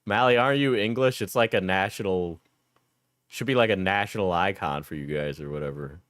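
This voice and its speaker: A man's voice: low-pitched, brisk, a bit bright, no echo, clean studio sound. A male streamer chatting and joking with viewers during a live stream, laughing often. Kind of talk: live stream reaction chat.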